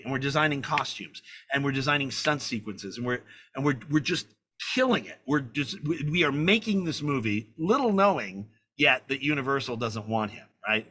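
A man with a bright, fairly high voice tells a story during a conversation. He is animated and swears freely, and he voices the other people in the anecdote as he goes. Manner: animated, profane, acts out the people in his stories. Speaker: guest filmmaker.

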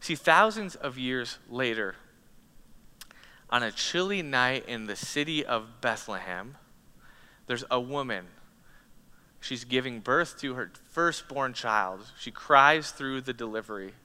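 Bright-voiced preacher in a reverberant hall. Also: male voice, medium pitch, expressive, slow, smooth. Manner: dramatic storytelling, swings from loud to hushed. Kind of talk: sermon.

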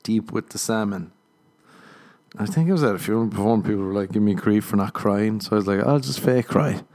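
A man's voice: lowish voice, fast, dark tone. A man hosting a comedy podcast, telling rambling stories in a dry manner and laughing at his own jokes.

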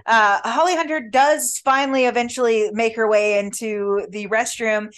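A woman on a podcast, chatting through a film's plot and poking fun at its choices. Her voice sits a bit high, and her remarks come out wry and amused, with exasperated asides. Her delivery stays loose and conversational. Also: steady tone, moderate pace. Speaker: podcast co-host. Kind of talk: casual movie recap chat.

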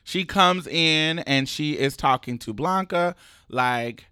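A man casually recapping an episode he acted in, profane and animated, laughing often. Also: on the high side, slow pace, clear, resonant tone, no echo, clean studio sound. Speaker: actor recapping his own show.

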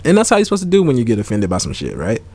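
A man's voice: medium pitch, wildly swooping pitch, racing, a little mellow, a little hiss or hum. A man co-hosting a casual podcast chat, earnestly explaining his point with many restarts. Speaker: podcast co-host.

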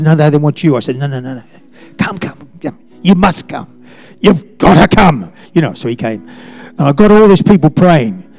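An older pastor preaches with a fairly high voice, shifting between forceful declarations and quiet, faltering storytelling. Soft music plays faintly beneath him. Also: male voice. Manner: swings from loud declarations to hushed, halting recollection. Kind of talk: sermon.

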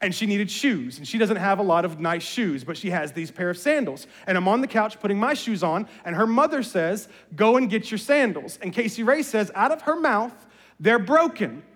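A middle-aged man preaching a sermon, telling animated personal stories with humor. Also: high-pitched, brisk, few pauses. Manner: animated storyteller, jokes and voices family members. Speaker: pastor. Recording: reverberant hall.

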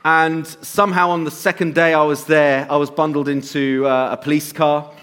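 A man giving a sermon and telling a personal story, slowing to soft emphasis at times and lifting his voice at others. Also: on the high side, little pitch movement, clear, resonant tone. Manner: storytelling, shifts between soft slow emphasis and raised bursts. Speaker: pastor.

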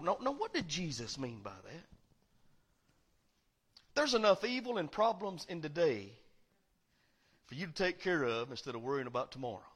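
A man preaching a sermon as pastor, swinging between loud proclaiming and quiet, confiding asides. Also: on the high side, sing-song, moderate pace, long pauses, slightly rough. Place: church sanctuary.

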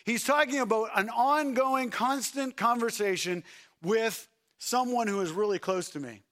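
This pastor's voice is very high-pitched, and he preaches at a normal speed. His sermon swings from shouting to quiet softness, and he puts rhetorical questions to his listeners.

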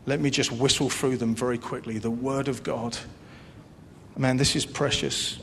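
A man preaching a sermon in an earnest way, repeating phrases and swinging between loud emphasis and hushed, soft passages. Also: steady tone, normal speed. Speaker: pastor. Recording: long hall reverb with faint low rumble.

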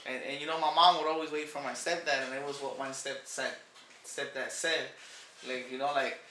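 A young man rambling through casual podcast talk, full of fillers and with Spanish slipped in. His voice is bright and mid-pitched. The room echoes, and there is faint noise underneath. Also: level tone, normal speed. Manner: loose and profane, full of "like" and "you know", mixing in Spanish. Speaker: podcast co-host.

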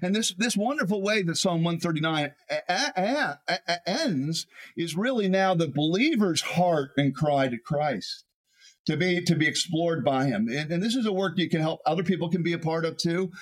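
A man, a pastor, preaching a sermon in an animated way, often repeating words as he builds a point. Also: on the high side, moderate pace.

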